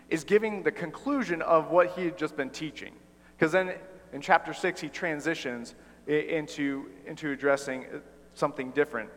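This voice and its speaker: A male preacher delivers a sermon with animated energy, often acting out bits of dialogue as he talks. His voice sits fairly high for a man. A long reverb hangs on every word, as in a large hall. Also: moderate pace. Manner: animated, acts out quoted dialogue.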